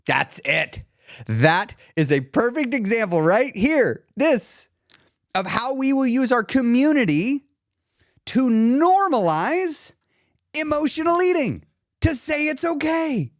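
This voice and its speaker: A man coaching on a live stream in a casual teaching style, animated, often laughing and acting out little voices. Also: sits high, a little slow, no room sound, studio quality.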